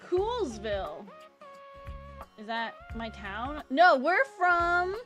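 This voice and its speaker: Bubbly young woman streamer, high voice, takes her time talking, some music behind. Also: very animated, drawn-out words, fairly bright tone. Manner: chatty, bubbly, greets chat by name. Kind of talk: casual live-stream chat.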